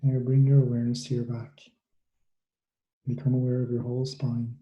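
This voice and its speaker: A man leading students through a guided relaxation meditation, giving soft, unhurried instructions with long pauses. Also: mid-range voice, completely flat delivery, highs cut off. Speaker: mindfulness coach for students. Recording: echoey room.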